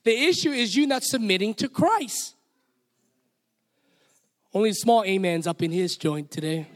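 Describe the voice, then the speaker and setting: A man's voice: high-pitched, animated, measured pace. A man with a Hawaiian accent preaching a sermon as pastor, playful and direct, calling on the congregation to repeat lines back to him. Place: church sanctuary. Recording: long hall reverb.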